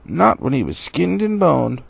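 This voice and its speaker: A man reading a storybook and voicing an overfed, beery male troll who is blunt and grumbling but soft-hearted. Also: on the high side, wildly swooping pitch, unhurried, gravelly, slightly rough, no room sound, voice pushed up, exaggerated voice. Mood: scornful.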